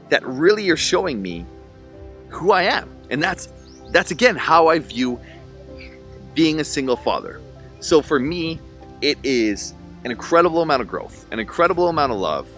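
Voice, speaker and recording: Slightly high and a bit bright, this young man's voice carries an earnest, spiritual self-help tone. In a reflective vlog monologue, he talks about life as a single dad.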